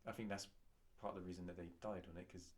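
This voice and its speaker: A man's voice: low-pitched, flat delivery, quick pace, a little hiss or hum. A man co-hosting a comedy podcast, rambling and hesitant as he thinks aloud in casual chat. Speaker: podcast co-host.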